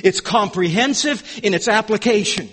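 High-voiced preacher in a reverberant hall. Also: male voice, normal speed, fairly bright tone, husky. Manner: earnest, emphatic, repeats words as he restarts. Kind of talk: expository sermon.

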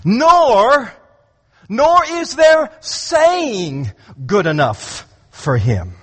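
A man with a high voice preaches in a large church, his words trailing off in a long hall reverb. He delivers the sermon with emphatic, dramatic swings in pitch and volume, and he stumbles through repeated words as each thought starts. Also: huge pitch swings, drawn-out words. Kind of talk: expository sermon.

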